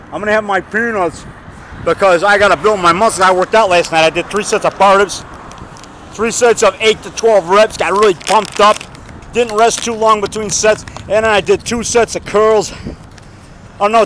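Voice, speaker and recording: A man's voice: high voice, a bit bright, slight background noise, poor audio. A man vlogging casually outdoors, rambling and joking and chuckling at his own jokes.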